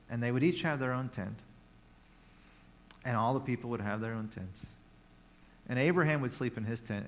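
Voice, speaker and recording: Conversational male preacher telling a Bible story. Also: medium pitch. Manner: conversational, playful storytelling with asides. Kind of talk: sermon.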